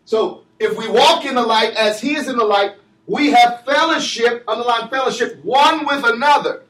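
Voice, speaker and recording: A man preaches a sermon in a very high voice, calling out for answers from the congregation. He swings between shouted lines and quiet asides. The sound is echoey and distant, as if taken from far back in a church. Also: moderate pace.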